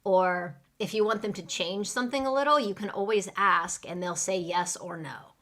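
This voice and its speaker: A woman teaching a live online English class. She talks patiently and clearly, acting out a server's lines and pausing so students can repeat them. Her voice sits at an ordinary middle pitch. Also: a bit bright.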